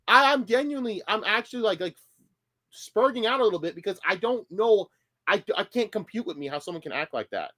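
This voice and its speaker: A man's voice: high-pitched, very animated, fast, a bit bright. A man reacting on a live stream, heated and profane, often stammering and restarting his sentences. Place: home streaming room.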